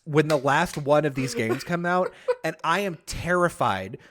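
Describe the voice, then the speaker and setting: A man's voice: a little high, measured pace, fairly bright tone. Rambling, casual podcast co-host, a man. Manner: rambling, swears freely, restarts often. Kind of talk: casual chat about video games.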